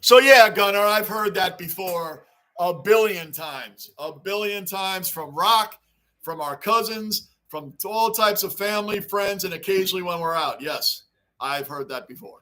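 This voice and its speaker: Middle-aged male stream host, high-pitched, excitable, chatty, repeats lines for emphasis. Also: a little slow. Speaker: livestream host reading fan chat. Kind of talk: casual livestream chat. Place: home basement.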